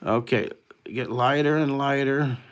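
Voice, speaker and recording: A man hosting a live online drawing lesson, talking excitedly and rambling as he draws and makes up a story. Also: medium pitch, unhurried.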